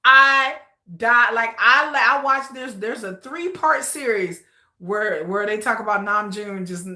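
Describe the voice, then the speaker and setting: Chatty woman in an echoey room. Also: on the high side. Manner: chatty, animated, addresses viewers as y'all. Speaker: K-pop reaction vlogger. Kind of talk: casual chat to a live audience.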